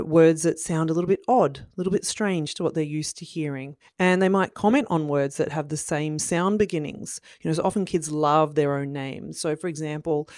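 A woman's voice: deep voice, darkish tone, no room sound, studio quality. A woman, explaining to parents how to build early reading skills in a friendly, encouraging way, acting out children's replies. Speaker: parenting educator. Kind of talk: instructional talk to parents.

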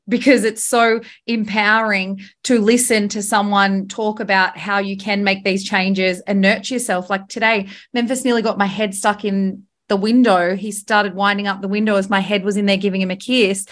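A woman's voice: mid-range voice, flat delivery, fairly quick, few pauses, fairly bright tone. Candid woman hosting a podcast. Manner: candid, swears freely, lots of fillers. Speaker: podcast host. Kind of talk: casual chat.

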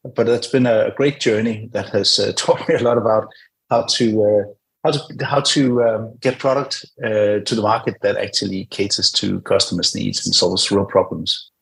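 A middle-aged man with a Danish accent, a guest on a podcast, speaking in a friendly, hesitant way full of pauses. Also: fairly low pitch, steady tone, vocal fry, low-quality recording. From Denmark. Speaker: podcast guest, product director. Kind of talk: casual interview talk.

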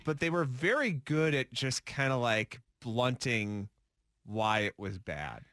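Male sports radio sidekick, bright, tense tone, lively pitch, wry jokes. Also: slow, no echo, studio quality. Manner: wry, jokey, lively delivery. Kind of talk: casual sports radio banter. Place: radio studio. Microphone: studio microphone.

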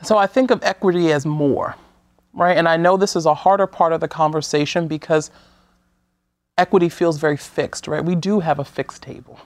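Calm, earnest woman guest, dry studio sound. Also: deep voice, no echo. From United States. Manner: measured, calm and earnest, with frequent restarts. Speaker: guest speaker on equity. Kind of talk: conversational talk-show interview.

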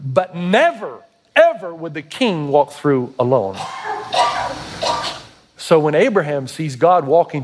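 A male pastor delivering an impassioned sermon, often putting rhetorical questions to his listeners. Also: sits high.

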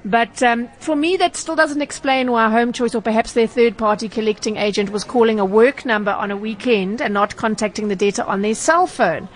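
A woman's voice: a little high, brisk, few pauses. A woman explaining consumer rules on radio, a little hesitant and full of fillers. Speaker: consumer journalist. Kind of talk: radio consumer advice chat.

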